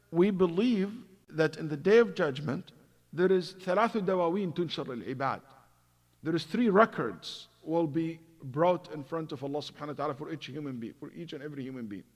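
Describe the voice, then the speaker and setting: A man giving a religious lecture, acting out stories and swinging between loud emphasis and hushed asides. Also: on the high side, expressive, a little fast. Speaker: imam giving a Quran commentary class. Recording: long hall reverb.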